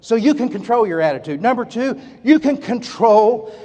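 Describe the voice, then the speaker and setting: A middle-aged man with a notably high voice delivers a fired-up motivational speech. He spins folksy stories and keeps prompting the crowd to answer back. His voice rings out with a long reverb tail, as if filling a big hall. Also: normal speed. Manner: energetic, folksy storytelling with audience call-and-response. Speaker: motivational speaker.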